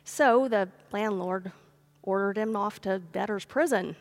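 A woman's voice: mid-range voice, a little slow. A woman pastor giving a sermon, telling a parable in a conversational, folksy way. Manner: storytelling, acts out the characters' pleas with a raised voice. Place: church sanctuary.

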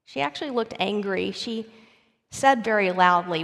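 A woman's voice: medium pitch, moderate pace, vocal fry, a bit bright. Woman pastor preaching in a reverberant church. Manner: storytelling, rising to emphatic questions. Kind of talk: sermon. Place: church sanctuary. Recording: long reverb of a church sanctuary.

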